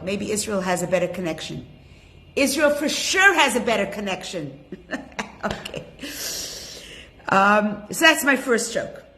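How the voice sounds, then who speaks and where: A woman's voice: medium pitch, a bit bright. A woman teaching a women's class online, chatting and greeting each attendee by name. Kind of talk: casual online class talk.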